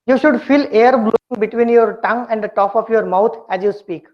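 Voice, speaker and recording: A woman teaching a pronunciation lesson, speaking slowly and deliberately and repeating words for her students to copy. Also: on the high side. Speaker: English communication skills teacher. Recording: dull lo-fi lecture recording.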